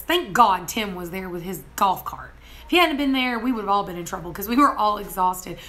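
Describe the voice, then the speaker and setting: A young woman, telling a story in a casual vlog, animated and laughing often as she acts out what people said. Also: mid-range voice. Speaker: homestead vlogger.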